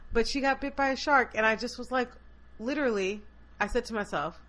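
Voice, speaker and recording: A woman with a bright, forward voice co-hosts a casual podcast. She tells her stories with animated, profane energy. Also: a little high, brisk. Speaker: podcast co-host. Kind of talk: casual chat.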